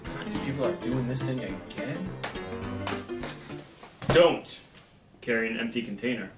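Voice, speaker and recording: A man's voice: medium pitch, brisk, loud music behind the voice. Joking young man in an echoey room. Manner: playful, joking. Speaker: snack review co-host. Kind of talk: casual chat reading trivia. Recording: echoey room, mic at a distance.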